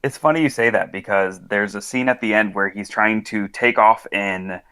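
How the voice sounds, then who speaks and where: Deadpan low-voiced male guest. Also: moderate pace, clear, resonant tone. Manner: dry, deadpan jokes. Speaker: podcast guest. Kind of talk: casual chat.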